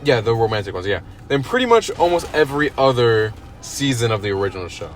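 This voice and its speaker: A man's voice: medium pitch, very animated, fast talker. A young man co-hosting a podcast in casual chat, agreeable and stressing words for emphasis. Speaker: podcast co-host.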